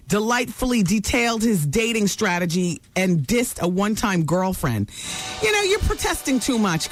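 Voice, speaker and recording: A woman's voice: medium pitch, dry recording. Brassy gossiping woman radio host. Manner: brassy, gossipy, teasing commentary. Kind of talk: celebrity gossip talk radio.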